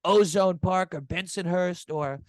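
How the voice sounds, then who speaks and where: A self-praising elderly statesman, voiced by a male comedian, rambling through a comedy podcast. He circles back to the same lines, boasts constantly and sits noticeably high in his register. The room sounds close and dry. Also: measured pace, no echo. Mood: boastful. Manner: rambling, repetitive, bragging asides. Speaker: podcast host. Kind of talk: comedic improvised interview.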